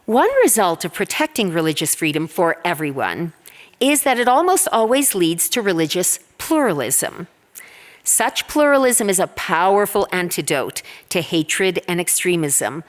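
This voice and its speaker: A woman panelist giving a prepared conference speech in a measured, earnest way. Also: on the low side, long reverb tail. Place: large conference hall.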